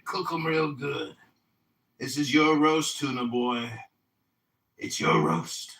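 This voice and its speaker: A man in his forties from the United States, a political candidate shouting taunts and insults in a heated online argument. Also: on the high side, steady tone, slow pace, long pauses, roomy sound, recorded from a distance, rough recording. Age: 40s.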